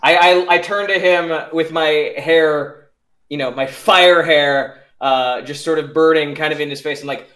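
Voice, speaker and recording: A man playing a tabletop game, rambling and excitable as he voices his character. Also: fairly high pitch, measured pace. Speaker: player. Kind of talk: tabletop role-play.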